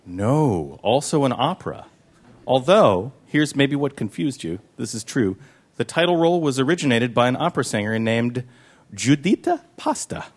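A man running a quiz game on a live show, joking in a dry, deadpan way with an audience laughing. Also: normal speed, slightly rough. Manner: dry, deadpan joking with lively pitch swings.

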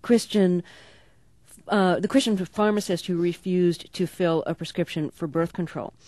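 A woman interviewing a guest on the radio, curious and quick to laugh. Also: on the low side, dark tone, dry recording.

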